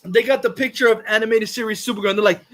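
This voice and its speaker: High bright-voiced ranting man. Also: steady tone, racing. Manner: profane, insulting, heated. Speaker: livestream host. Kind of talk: casual profane rant.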